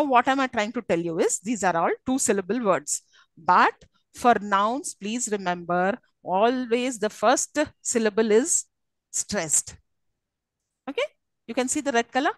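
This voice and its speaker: Female lecturer; high pitch, dry recording, patient step-by-step explanations. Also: a little slow, dry recording, low-quality recording. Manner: explains step by step, often checks "okay?". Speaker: English lecturer. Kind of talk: live classroom lecture.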